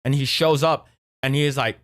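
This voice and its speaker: A man's voice: medium pitch, fairly even intonation, brisk, fairly bright tone. A young man streamer casually retelling a movie plot, rambling with many fillers and restarts and acting out the characters' lines.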